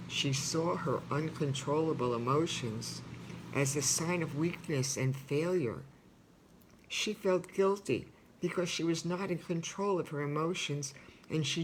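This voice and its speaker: A man reading a memoir aloud in a heartfelt, pausing way, stopping now and then to talk to his listeners. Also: fairly high pitch. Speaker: reader. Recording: noisy background ambience.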